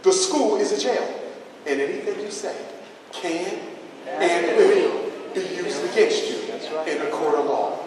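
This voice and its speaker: A man's voice: high voice, darkish tone, a little hiss or hum. A man in his forties giving a public lecture as a school psychologist, emphatic and preachy, hammering points home by repeating them. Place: large lecture hall. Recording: echoey hall, mic far off.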